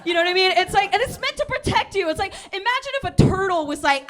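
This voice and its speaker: Young female stand-up, high and swoopy, rambling and giggly; live crowd in the club. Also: fast talker. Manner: rambling, giggly, deadpan-absurd. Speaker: stand-up comic. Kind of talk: stand-up set. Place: small comedy club stage. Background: audience laughter.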